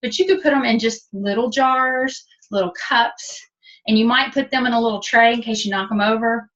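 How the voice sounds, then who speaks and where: This cooking instructor's voice is a little high and fairly bright, with a moderate pace, as she gives a practical, chatty kitchen demonstration one step at a time. It comes through webinar audio that is distant and dull.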